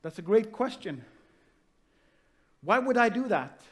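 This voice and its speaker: High-voiced man preaching a sermon. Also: big pitch swings. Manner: rhetorical questions, slows down to stress key phrases. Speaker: pastor.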